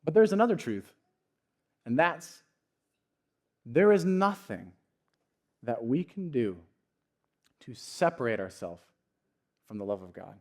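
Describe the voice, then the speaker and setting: A young adult man, a pastor, preaching a sermon in an earnest, storytelling way that swings from hushed to raised. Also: mid-range voice, very animated, slow pace, pauses often. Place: church.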